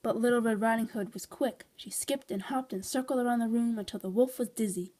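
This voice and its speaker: A woman reads a children's fairy tale aloud. Her narration is calm and expressive, in a fairly high voice. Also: fairly quick. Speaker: storybook reader. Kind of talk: reading a children's storybook aloud.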